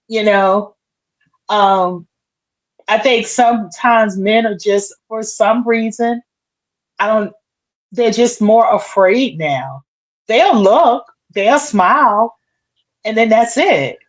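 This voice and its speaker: Calm, fairly high-voiced woman guest. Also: takes it slowly, low-quality recording. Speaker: panel guest. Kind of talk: casual group discussion.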